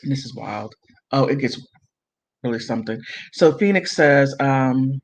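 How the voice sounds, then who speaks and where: Over a rough recording, a man hosting a commentary channel goes through messages aloud, adding his own comments. His medium-pitched delivery is halting, with stumbled words and sudden outbursts of disbelief.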